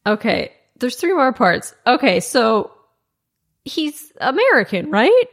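A woman co-host reacts to a clip in casual chat, puzzled and amused by it. Her voice sits fairly high. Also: big pitch swings, slow.

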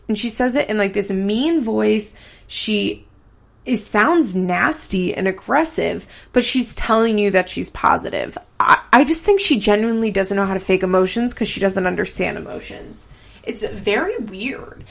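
A woman's voice: medium pitch, moderate pace, vocal fry. A woman hosting a podcast in casual, chatty commentary, swearing casually and saying "like" a lot.

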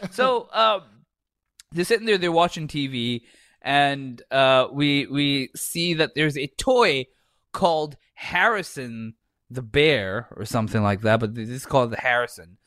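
A podcast co-host casually reviews a film, swearing a lot, laughing, and acting out scenes as he goes. His medium-pitched, fairly bright voice is lively in intonation and measured in pace, recorded at studio quality with no echo.

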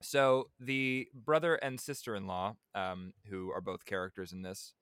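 A man's voice: fairly low pitch, measured pace, clean tone, no echo, clean studio sound. A man co-hosting a podcast, casually recapping a holiday movie and laughing as he quotes the characters. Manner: laughing, animated quoting of characters. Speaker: podcast co-host.

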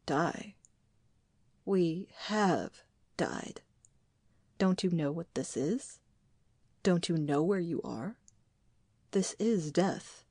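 Brief: a woman playing a bitter man trapped in hell, slow, low, accusing. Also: expressive, darkish tone, dry recording, full character voice. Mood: bleak. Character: man named Oscar, a damned lover, bitter and grim. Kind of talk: audiobook dialogue.

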